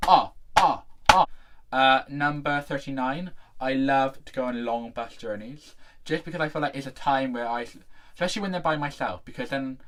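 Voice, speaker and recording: A man's voice: medium pitch, a bit bright. A young man with an English accent, talking casually to camera in a chatty, jokey vlog. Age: young adult. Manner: chatty, camp, jokey asides. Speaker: vlogger.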